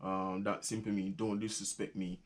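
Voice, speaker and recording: A man's voice: on the low side, level tone, moderate pace. A young Jamaican man with a Jamaican accent, chatting casually as he explains local sayings, laughing often and repeating phrases. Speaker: vlogger teaching patois.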